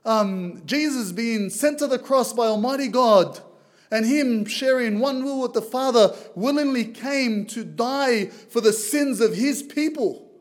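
A man from Lebanon preaching a sermon as a visiting preacher, reading scripture aloud in a loud, earnest way. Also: very high voice, a little slow. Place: church.

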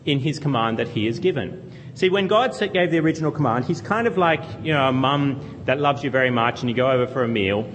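A man's voice: medium pitch, expressive, fast, a little hiss or hum. Earnest preacher man, echoing hall. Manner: earnest expository teaching with rhetorical questions. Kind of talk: sermon. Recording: long hall reverb.

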